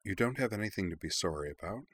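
A man voicing a kind grown man who speaks softly and soothingly. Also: sits low, expressive, fast, slightly rough, dry recording, heavily acted. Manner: soft and soothing.

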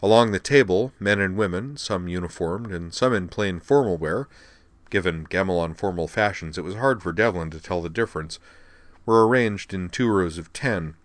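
A male audiobook narrator with a deep, low voice, reading in a steady, measured way. The recording is close and dry, with no room sound behind him. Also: no echo. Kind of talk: scripted narration.

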